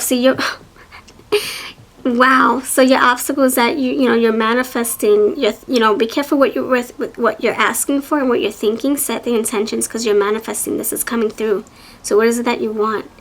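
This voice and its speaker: A woman giving an enthusiastic, encouraging tarot reading to her viewers in a casual, chatty way, with frequent restarts. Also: on the high side. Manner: enthusiastic, encouraging, many restarts and voiced asides. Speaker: tarot reader.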